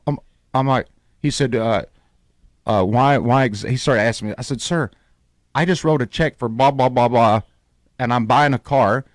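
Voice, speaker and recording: Male radio host, lively storyteller, dry close mic. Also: mid-range voice, normal speed, pauses often, no echo. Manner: animated storyteller, acts out quoted voices.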